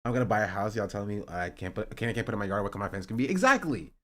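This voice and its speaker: A young man streaming live, chatting casually and joking sarcastically, and he sometimes rises into an animated rant. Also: lowish voice, very fast. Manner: joking and sarcastic, reading chat aloud; rising to animated ranting. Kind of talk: casual livestream chat.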